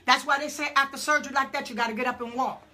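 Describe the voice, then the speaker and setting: A woman preaching a sermon, telling a halting, emotional testimony and building to shouted preaching. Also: high voice, steady tone.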